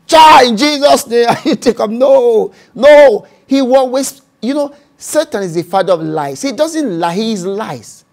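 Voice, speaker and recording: Animated Nigerian male preacher, high voice. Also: measured pace, hardly any pauses. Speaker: pastor. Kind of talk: sermon.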